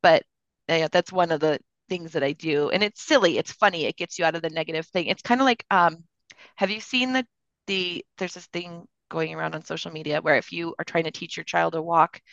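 Low-voiced grandmother chatting on a dull, dry recording. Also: gravelly, a bit bright, no echo. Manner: chatty, halting with fillers, laughs often. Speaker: podcast co-host. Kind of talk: casual chat.

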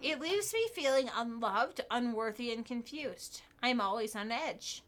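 A woman's voice: a little high, expressive, measured pace, fairly bright tone. A tipsy woman co-hosting a casual podcast, swearing, giggling and reading listener questions aloud. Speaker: podcast co-host. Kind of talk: casual drunk podcast chat.

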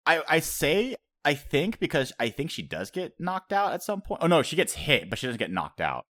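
A man's voice: a little high, huge pitch swings, moderate pace, fairly bright tone. A man hosting a casual podcast chat, profane and laughing often, acting out quotes as he talks. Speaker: podcast host.

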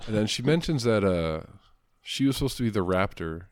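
A man with a very low voice talks comics in a loose, casual way. He swears often and slips into quick character voices. The sound is dry and close. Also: lively intonation, dry recording. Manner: loose, profane, acts out characters in quick asides. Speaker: comic book discussion co-host. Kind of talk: casual chat.

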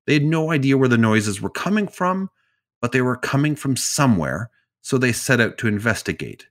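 With a sing-song, mid-range voice at normal speed, a man co-hosting a podcast casually recounts weird news stories. He adds asides and jokes throughout the storytelling chat.

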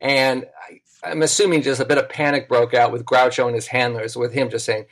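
A middle-aged man tells a story as a guest on a podcast, in an easy conversational way. He gets animated and acts out the voices of the people in his tale, and his voice sits at a medium pitch. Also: a little fast. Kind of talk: casual storytelling.

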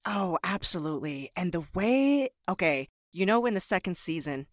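A woman's voice: on the low side, sing-song, normal speed, no echo, studio quality. A woman hosting an interview in a casual chat, reacting eagerly and agreeing often. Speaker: interviewer host.

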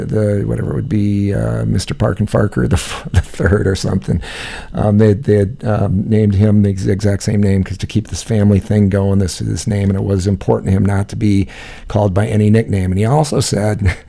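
A man's voice: lowish voice, creaky, mellow. A man telling a rambling, profane story in casual chat, laughing often.

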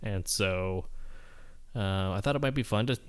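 A man's voice: on the low side, a little slow, clean tone. A man co-hosting a podcast in casual chat, rambling and self-mocking with many fillers. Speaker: podcast co-host.

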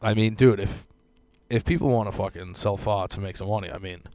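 A man's voice: fairly low pitch, a little fast, a little mellow, no room sound. A man co-hosting a podcast in casual chat, crude and rambling, swearing freely. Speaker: podcast co-host.

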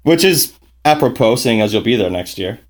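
A man co-hosting a podcast, talking in a lively way and swearing. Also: medium pitch, moderate pace. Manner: animated, swearing. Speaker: podcast co-host. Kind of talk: casual podcast chat.

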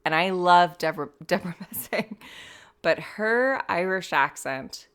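A woman from the United States in her thirties chats casually as a podcast guest. She tells stories with a fairly low voice, laughs often and slips into little acted quotes. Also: measured pace, clean tone. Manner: animated storytelling, laughs often, acts out quotes. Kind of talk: casual chat.

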